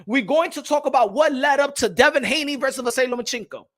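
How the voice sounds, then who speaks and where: A man hosting a casual boxing commentary vlog, ranting loudly and profanely, repeating phrases and laughing at his own points. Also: very high-pitched, fast. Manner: loud, profane, heated ranting with bursts of shouting. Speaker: boxing channel host.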